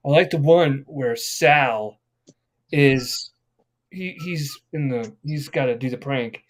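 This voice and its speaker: A man's voice: mid-range voice, takes it slowly. A man co-hosting a podcast, rambling and swearing as he retells pranks. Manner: rambling, profane, acts out quotes. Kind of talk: casual chat.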